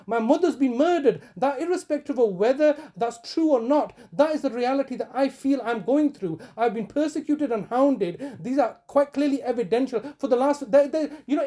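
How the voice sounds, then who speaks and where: Brief: man, mellow tone, insistent and repetitive, halting delivery. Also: very high voice. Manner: insistent, repetitive, stumbling restarts. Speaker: campaigner confronting a solicitor on a call. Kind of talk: heated phone argument, then commentary to camera.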